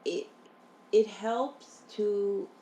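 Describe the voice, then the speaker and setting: Woman, gravelly voice, thinking out loud on a podcast, lots of restarts, echoey room. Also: mid-range voice, extremely slow, a little hiss or hum. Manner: thoughtful, searching for words with many restarts. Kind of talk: conversational podcast interview. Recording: roomy echo with faint ambience.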